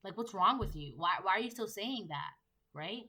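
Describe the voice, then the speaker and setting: A woman doing a tarot reading, bright and forceful, pushing the same point again and again. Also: mid-range voice, animated, normal speed, poor audio. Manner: emphatic, repetitive rhetorical questions. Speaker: tarot reader. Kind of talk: collective tarot reading monologue.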